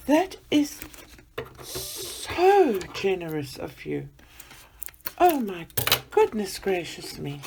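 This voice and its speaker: A woman chatting excitedly as she unboxes gifts for her vlog, gushing and gasping with delight. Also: mid-range voice, very slow, creaky, pauses often, slight background noise.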